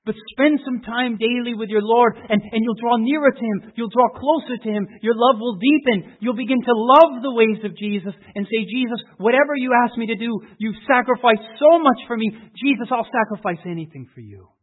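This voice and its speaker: A high-voiced man delivers a sermon with fervent, emotional appeals, sinking now and then into hushed prayer. The sound is narrow and tinny, like a phone line. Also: a little fast, few pauses, slightly rough. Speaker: preacher. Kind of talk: sermon with storytelling.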